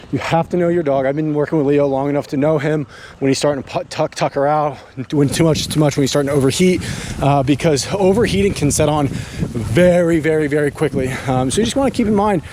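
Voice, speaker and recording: A man's voice: fairly high pitch, dark tone, slight background noise. A man who trains dogs, talking casually to camera while walking his dog and driving, a bit out of breath and breaking off to talk to the dogs. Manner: chatty, talks to his dogs between remarks. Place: outdoors on a beach walk near a road, then in a car.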